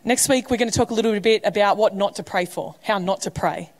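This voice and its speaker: A woman's voice: medium pitch, fairly quick. A woman pastor giving a sermon in a conversational, humorous way. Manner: conversational, humorous preaching with acted quotes. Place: church.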